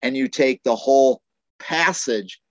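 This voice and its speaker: A man's voice: mid-range voice, measured pace, no room sound. A man giving a Bible teaching sermon, explaining scripture passages and often restarting his phrases, on a dull, dry recording.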